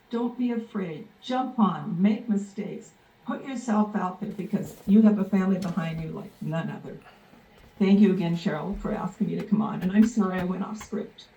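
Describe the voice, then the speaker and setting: A woman's voice: fairly low pitch, moderate pace, warm tone. A middle-aged woman giving a heartfelt, effusive testimonial, speaking from the heart and getting emotional. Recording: echoey, distant, dull sound.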